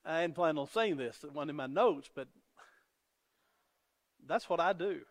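Pastor delivering a sermon: man with a high voice, earnest and repetitive, echoing sanctuary sound. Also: lively intonation, unhurried. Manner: earnest, repeats words when starting sentences. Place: church sanctuary. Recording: long reverb of a church hall.

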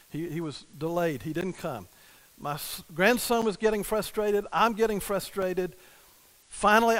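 A man's voice: on the high side, fairly bright tone, low-quality recording. An older man preaching a sermon, telling a family story and acting out the quoted dialogue. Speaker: pastor.

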